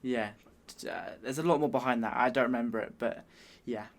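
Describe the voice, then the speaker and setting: A British man hosting a reaction video, making relaxed, chatty asides and agreeing readily. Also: medium pitch, fairly quick, a little hiss or hum. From United Kingdom. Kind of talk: casual reaction commentary.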